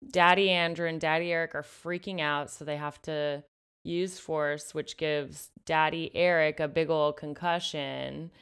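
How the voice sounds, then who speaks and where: A woman's voice: low voice, fairly even intonation, unhurried, a bit bright, smooth. A woman co-hosting a podcast, chatting animatedly about a book and its film, full of "like" fillers. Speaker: podcast co-host. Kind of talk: casual book-and-film discussion.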